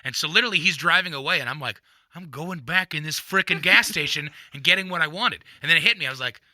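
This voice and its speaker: A man's voice: on the high side, quick pace, no echo. A man co-hosting a faith podcast, casually chatting and acting out quotes as he tells a story. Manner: animated storyteller, acts out quotes. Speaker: podcast co-host. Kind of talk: casual chat.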